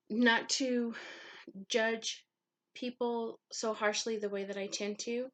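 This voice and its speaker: A woman who is a mother of young kids, talking to camera in a candid, rambling confessional vlog, full of ums and casual swearing. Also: fairly high pitch. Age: adult mother of young children. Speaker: vlogger.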